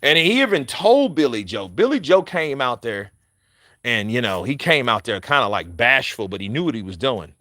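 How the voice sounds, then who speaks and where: A male boxing commentator chatting casually, animated and profane, laughing often and addressing his viewers directly. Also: mid-range voice, moderate pace, no echo, clean studio sound. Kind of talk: casual chat.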